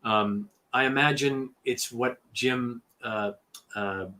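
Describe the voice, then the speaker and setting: Animated man audiobook narrator, bright voice. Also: medium pitch, slow. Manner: animated, warm-hearted, restarts often. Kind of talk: casual conversation on a livestream. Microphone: video call.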